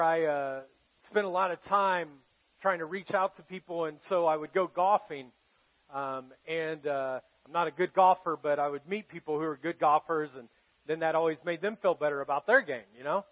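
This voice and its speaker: A male pastor preaches in a church with a fairly high voice. He tells stories earnestly and drops soft for the serious moments. The recording is dull and slightly muffled. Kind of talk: sermon.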